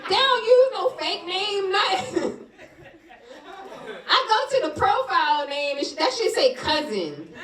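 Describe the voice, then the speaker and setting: A woman's voice: extremely high pitch, sing-song, a little slow. A woman from doing a raunchy stand-up comedy set, cursing freely and laughing at her own jokes. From Philadelphia. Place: comedy club stage before a live audience. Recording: roomy club sound from a distance, loud audience.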